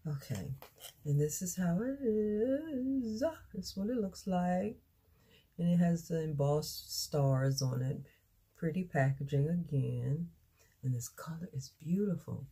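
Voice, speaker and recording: A woman chatting excitedly in a casual unboxing vlog, recorded on a phone camera, halting with fillers. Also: deep voice, breathy edge. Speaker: beauty vlogger.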